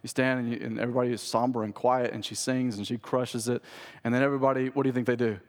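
A man's voice: mid-range voice, steady tone, quick pace. A man, a pastor preaching a sermon in a conversational, storytelling way. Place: church sanctuary. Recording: long church hall reverb.

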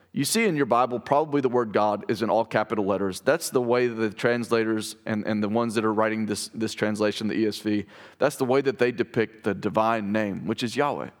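A man preaching a sermon in an earnest, explanatory way, slowing down to give scripture readings weight. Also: mid-range voice. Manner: earnest, explanatory, reads scripture slowly with emphasis. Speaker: pastor. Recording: long reverb of a hall.

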